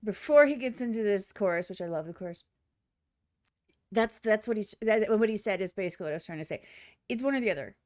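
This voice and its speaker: A woman's voice: medium pitch, lively intonation, fast talker, a little mellow, no room sound, clean studio sound. A woman streamer giving blunt, profane reaction commentary on a music video, often mimicking other people in exaggerated voices.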